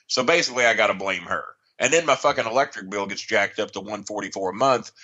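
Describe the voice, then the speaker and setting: A man's voice: lowish voice, fast, bright, forceful tone, muffled recording. A man telling a long comic story as a podcast guest, ranting and swearing heatedly.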